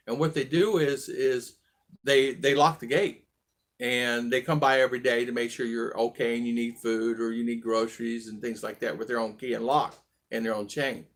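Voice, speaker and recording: A man's voice: medium pitch, fairly bright tone. A man in his sixties casually telling a personal story on his vlog, rambling and restarting his sentences. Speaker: vlog host.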